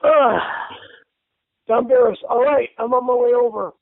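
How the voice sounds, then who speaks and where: A man's voice: extremely high pitch, unhurried, creaky, no room sound. A man reading an online thread aloud on the radio, reading the punctuation out, stumbling over words and cursing indignantly. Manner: reads punctuation aloud, stumbles, swears angrily. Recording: tinny phone-line radio audio.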